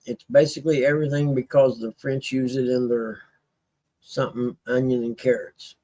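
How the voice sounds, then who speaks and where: A man's voice: medium pitch, fairly even intonation, moderate pace, long pauses, a little mellow. A man hosting a casual talk show, laid-back, laughing often and reading posts aloud. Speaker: show host. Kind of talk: casual chat.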